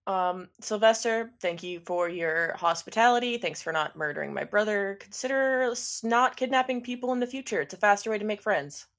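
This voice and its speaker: A woman's voice: mid-range voice, a little fast, hardly any pauses, fairly bright tone. A woman playing a tabletop game, wry and hesitant with fillers. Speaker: player. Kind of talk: casual tabletop role-play.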